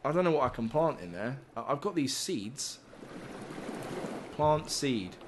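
A man's voice: medium pitch, very animated, unhurried, noisy background. A man commentating a survival game as he plays, rambling and joking, swearing freely and yelping when startled. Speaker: gaming YouTuber. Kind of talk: let's play commentary.

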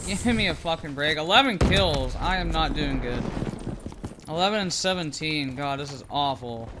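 A man's voice: a little high, lively intonation, normal speed, background noise. A young man giving gameplay commentary, ranting and swearing in frustration. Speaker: gamer. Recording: game gunfire under the voice.

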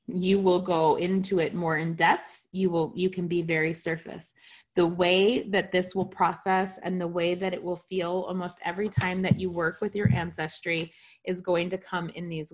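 A woman's voice: on the low side, flat delivery, unhurried. Chatty woman teaching over a video call. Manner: casual, chatty, often checks in with listeners; light self-mocking humor. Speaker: spiritual teacher. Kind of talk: online class.

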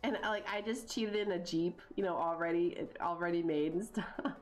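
A woman's voice: lowish voice, normal speed, soft background music. A woman streaming a life-simulation game, rambling in casual commentary and talking exasperatedly to her chat.

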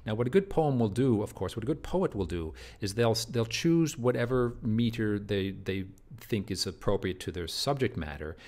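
A man with a fairly low voice gives a recorded literature lecture. He talks in loose, searching phrases, often repeats and restarts words, and keeps checking in with his listeners. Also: lively intonation, moderate pace, a little mellow.

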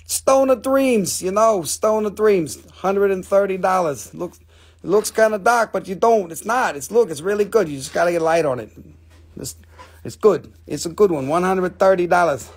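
A man hosts a live stream, selling crystals with loose, joking chatter. His voice sits a bit high and has a gravelly edge. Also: normal speed. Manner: joking, chatty, swears casually. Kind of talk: casual live sales chat.

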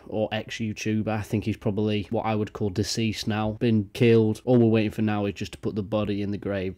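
A man's voice: on the low side, dark tone. A young man ranting in a mocking, profane commentary video. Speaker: YouTube commentator. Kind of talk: crude commentary rant.

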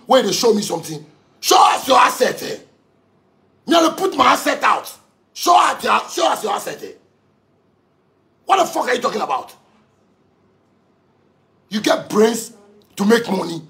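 Heated gravelly Ghanaian man ranting. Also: extremely high pitch, a bit bright. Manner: heated, profane, repetitive. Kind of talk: angry rant.

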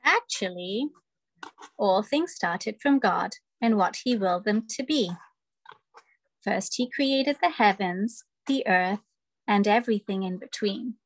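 A woman hosting a children's story time, reading picture books aloud in an animated, expressive way over a video call. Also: mid-range voice, slow. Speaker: storyteller host.

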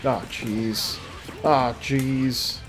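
A man commenting live on his fighting game matches in an unhurried way. He bursts into excited reactions and mutters to himself, with faint game music playing in the background. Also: mid-range voice. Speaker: gameplay video creator.

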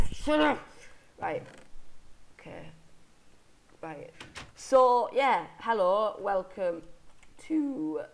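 A woman talks through her survival game with hiccups she can't shake. Her voice sits a little low, and she chatters on, mocking herself and chatting to the animals she meets. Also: low-quality recording. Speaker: Minecraft let's player. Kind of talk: casual gameplay commentary.

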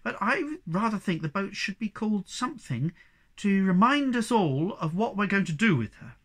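A storybook reader voicing a modest troll mother who speaks gently and shyly. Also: medium pitch, big pitch swings, moderate pace, voice pushed up. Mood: gentle. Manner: gentle, shy.

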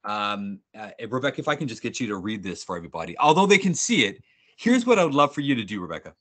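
Bright, upbeat male sales trainer. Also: on the low side, fast talker. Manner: upbeat, animated, jokey, with frequent restarts. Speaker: sales trainer presenting a webinar. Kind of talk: energetic workshop presenting. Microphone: video call.

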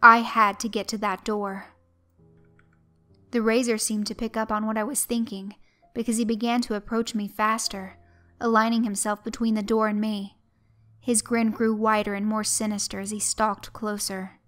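A woman narrating a horror story in a measured, even way. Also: mid-range voice, faint music behind.

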